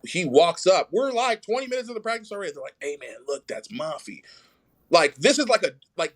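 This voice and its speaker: A man telling a story in casual conversation as a podcast guest, acting out the voices of people he quotes. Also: on the low side. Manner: animated, acts out quoted voices.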